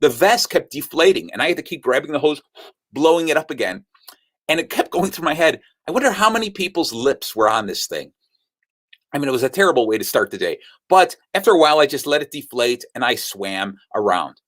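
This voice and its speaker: A man's voice: a little high, fast. A man telling a story as a sales speaker, acting out what people said. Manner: animated storyteller who acts out the quotes. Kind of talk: storytelling talk.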